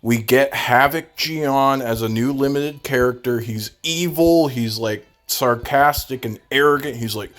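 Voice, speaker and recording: A man's voice: medium pitch, unhurried, few pauses, fairly bright tone, faint music behind. A young man ranting sarcastically in a casual gaming commentary vlog, swearing freely.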